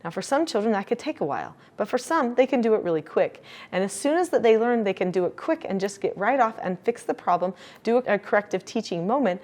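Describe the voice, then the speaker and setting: A middle-aged woman explaining parenting methods to camera in a calm, measured way. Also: medium pitch. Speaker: parenting educator. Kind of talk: instructional talk to camera.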